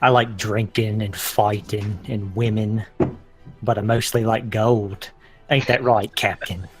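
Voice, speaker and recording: A man's voice: on the low side, steady tone, a little slow, over music, natural voice. A man voicing a creepy, greedy male pirate sailor who talks about himself in the third person. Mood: sly.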